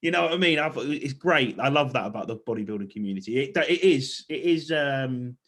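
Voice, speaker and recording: A man's voice: mid-range voice, lively intonation, fairly quick, a bit bright. A man co-hosting a casual podcast chat, rambling, swearing and laughing often. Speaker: podcast co-host.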